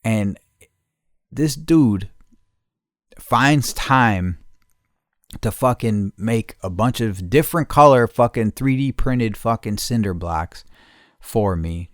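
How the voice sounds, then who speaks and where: A man with a low, deep voice talks through a casual solo podcast episode. He rambles and swears constantly, trips over his own phrasing, and now and then jumps up into loud, excited outbursts. The sound is dry and close, with almost no room echo. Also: slow pace, pauses often. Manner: rambling, profane, self-correcting; swings to loud excited bursts. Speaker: podcast host.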